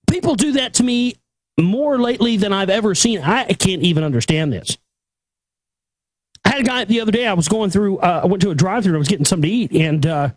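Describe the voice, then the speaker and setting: A male talk show host delivering an angry, profane rant that keeps building toward shouting. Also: high voice, no room sound. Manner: aggressive, profane, escalating to shouting.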